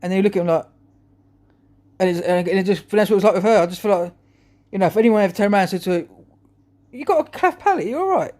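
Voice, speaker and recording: A man's voice: high-pitched, steady tone, very fast, a little mellow. A man talking to camera in a rambling, chuckling monologue full of restarts. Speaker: vlogger.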